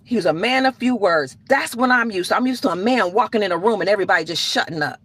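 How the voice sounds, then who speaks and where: A woman's voice: medium pitch, quick pace, fairly bright tone, breathy edge. A woman talking to camera in an emphatic, rambling, preachy rant with frequent restarts. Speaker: online commentator.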